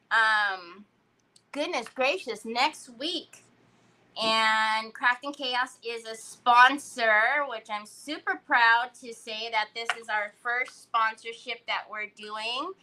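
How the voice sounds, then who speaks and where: A woman's voice: fairly high pitch, sharp tone, rough recording. A woman hosting a casual crafting livestream, chatting, laughing and greeting viewers by name.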